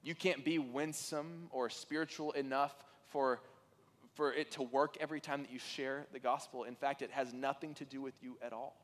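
A man's voice: medium pitch, fairly even intonation, moderate pace. A man preaching a sermon as pastor, earnest and conversational, with occasional fillers and restarts. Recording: reverberant hall.

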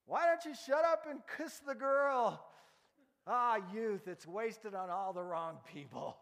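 A man voicing a grumpy old man who shouts gruffly from his porch, in a reverberant hall. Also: high-pitched, lively intonation, slow, voice pushed up, heavily acted. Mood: exasperated.

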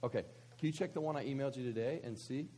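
A pastor preaching a conversational sermon at a church service, asking many rhetorical questions. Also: male voice, medium pitch, rapid-fire, mellow.

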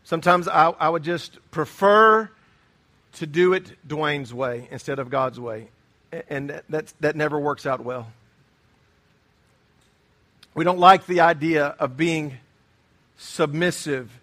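A man's voice: fairly high pitch, fairly bright tone. A middle-aged man preaching a sermon, earnest and emphatic, often repeating his key phrases. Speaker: pastor.

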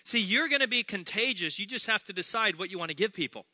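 A male pastor delivers a lively, joking sermon. His voice sits high and rings very bright and sharp, recorded close and dry. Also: fast talker, dry recording. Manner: energetic, humorous preaching with repeated phrases.

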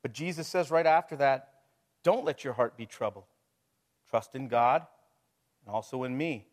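A man's voice: medium pitch, normal speed. Conversational man preaching a sermon. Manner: conversational preaching with rhetorical questions and chuckles. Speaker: pastor.

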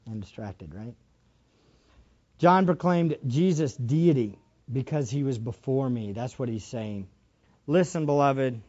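A middle-aged man preaching a sermon, shifting from quiet asides to fervent shouting. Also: medium pitch, highs cut off. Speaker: pastor.

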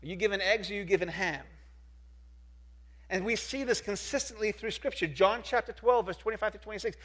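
High-voiced man preaching with emphasis. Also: brisk. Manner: emphatic, repetitive, rhetorical questions, swings from soft to loud. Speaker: pastor. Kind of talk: sermon.

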